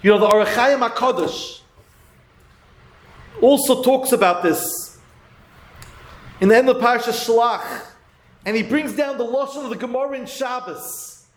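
A man's voice: extremely high pitch, unhurried, long pauses, echoey room, poor audio. A man giving a Torah lesson, earnestly telling a story and weaving Hebrew terms into his talk. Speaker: Torah teacher.

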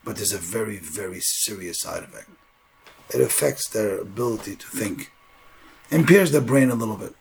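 Gravelly-voiced man preaching with fervor. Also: animated, normal speed. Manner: builds to loud, high-pitched fervor; uses Hebrew and Yiddish terms. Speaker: rabbi. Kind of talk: sermon.

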